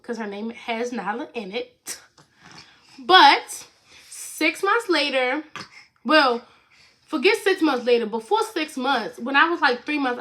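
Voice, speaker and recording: A woman's voice: on the high side, bright, forceful tone. A young woman vlogger rambling through a personal storytime in a casual, chatty way, full of fillers and "like".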